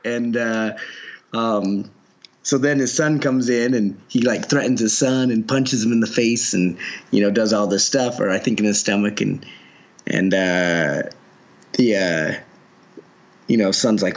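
A man's voice: lowish voice, measured pace, highs cut off. A man co-hosting a podcast, chatting casually, rambling with lots of fillers and laughs. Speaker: podcast co-host. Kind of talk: casual chat.

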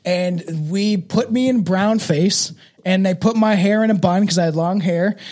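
A man with a notably high voice hosts a casual podcast chat. He rambles through stories, full of fillers and restarts. He sounds like a man in his thirties from Canada. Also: unhurried, a little mellow. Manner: rambling storytelling with frequent fillers and laughs. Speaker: podcast host.

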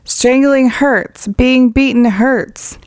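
A woman's voice: high voice, takes it slowly, a little mellow, no room sound, clean studio sound. Blunt, indignant woman podcaster. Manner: blunt and indignant, swears often. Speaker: podcast co-host. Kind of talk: casual true crime discussion.

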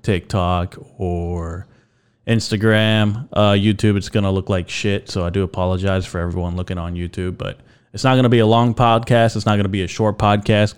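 A man's voice: low voice, darkish tone, clean tone. A young man hosting his own podcast alone, rambling and joking casually, with lots of fillers and some swearing. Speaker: podcast host. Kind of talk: casual solo podcast chat.

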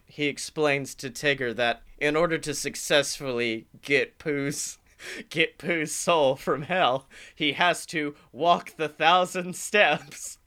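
Bright, high-voiced, animated man telling a story. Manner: animated, profane, laughing through his story. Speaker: podcast co-host. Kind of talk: casual comedic storytelling.

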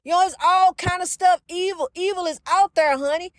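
A middle-aged woman delivers a heartfelt spiritual pep talk, circling back to the same phrases and sprinkling "honey" throughout. Her voice sits high, and the recording is close and dry with no room sound. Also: steady tone, moderate pace, no echo. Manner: preachy and repetitive, calls listener honey. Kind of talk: impassioned spiritual monologue.

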